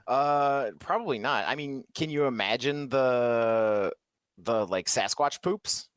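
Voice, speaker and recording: A man's voice: mid-range voice, takes it slowly, smooth, dry recording. A man co-hosting a podcast, bantering playfully and laughing often. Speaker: podcast co-host. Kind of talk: casual chat.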